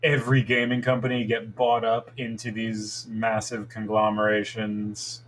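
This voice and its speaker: A man's voice: on the low side, completely flat delivery, measured pace, a little hiss or hum, low-quality recording. A man co-hosting a casual gaming podcast, rambling with many fillers and restarts. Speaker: podcast co-host. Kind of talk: casual chat.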